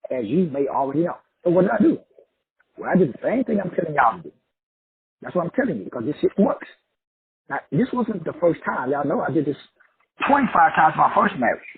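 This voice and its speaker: A Texas man, a motivational speaker, delivers a profane, emphatic monologue and repeats phrases for effect. His voice sits on the high side and sounds husky, and the audio is tinny, like a phone.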